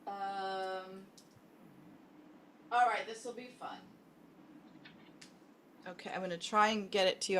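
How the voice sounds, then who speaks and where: A woman improv performer bantering playfully on a video call, animated and giggly. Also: medium pitch, takes it slowly, long pauses, a little hiss or hum.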